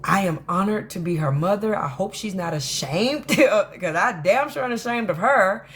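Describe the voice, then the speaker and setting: A woman hosting a casual commentary monologue, telling stories in an animated, emphatic way that rambles with frequent restarts. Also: medium pitch, normal speed. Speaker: host of a drama commentary channel.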